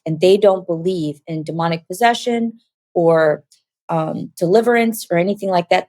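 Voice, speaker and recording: As an interview guest, a lowish-voiced woman recounts something from her own life with animation, performing the dialogue she quotes. The recording is dry.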